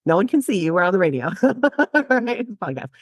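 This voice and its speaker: A woman's voice: medium pitch, sing-song, a little fast, slightly rough, no echo. A woman psychotherapist guest on a podcast, talking animatedly, laughing often and acting out quoted voices. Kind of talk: podcast interview.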